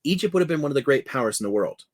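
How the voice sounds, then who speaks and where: A man's voice: medium pitch, expressive, very fast. Man, history lecturer, thoughtful and discursive, easy laugh, casual chat, video call from a home office. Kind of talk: explanatory lecture in casual conversation. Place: home office with a monitor, indoors.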